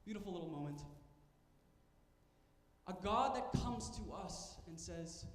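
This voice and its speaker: High-voiced pastor preaching in an echoey hall. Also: male voice, expressive, unhurried. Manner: storytelling, emphatic repetition. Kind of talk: sermon. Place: church sanctuary. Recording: echoey church hall with faint ambience.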